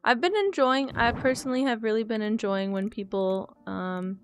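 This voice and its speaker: A woman's voice: on the high side, moderate pace, slight background noise. A young woman streaming a game, chatting in a candid, rambling way, thinking aloud and answering chat. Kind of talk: casual live-stream chat while gaming. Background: faint guitar music.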